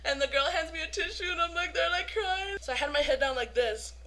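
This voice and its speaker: A young woman vlogging as a fan, telling a story in an excited, gushing way, full of "like" fillers. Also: high-pitched, fast talker, a little hiss or hum.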